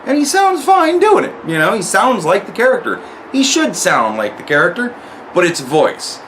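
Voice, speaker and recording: A man's voice: high-pitched, huge pitch swings, normal speed, fairly bright tone, slight background noise. Rambling, foul-mouthed man reviewing a show. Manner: rambling, profane, restarts words often. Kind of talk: casual review monologue.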